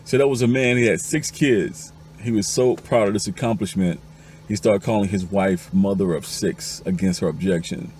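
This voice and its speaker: Man, very deep voice, dark and mellow tone, joke teller, slips into high voices for characters, faint noise behind. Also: normal speed. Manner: acts out the jokes' characters, going up to a high pitch for the wives. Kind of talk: telling a string of jokes.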